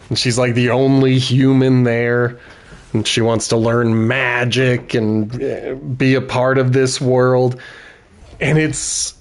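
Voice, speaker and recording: A middle-aged man chatting casually while streaming a game, laughing often and correcting himself as he goes. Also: mid-range voice. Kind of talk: casual gameplay commentary.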